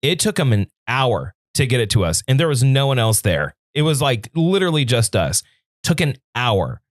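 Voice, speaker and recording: Male podcast co-host, lively pitch, dry close mic, profane animated storyteller. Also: normal speed, no room sound. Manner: animated storytelling, swearing, acts out his own angry rants. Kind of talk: casual chat.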